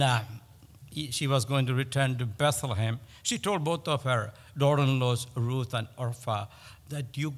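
Male pastor, measured sermon delivery with emphatic repetition, recorded in a hall with long reverb. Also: fairly high pitch. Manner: storytelling, with pauses and emphatic repetition. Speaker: preacher.

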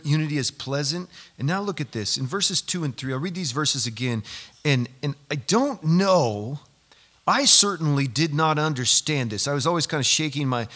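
Preacher in a sermon, lively storyteller, bright forceful tone, slightly high. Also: male voice. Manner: storytelling, animated, acts out quoted people. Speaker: pastor.

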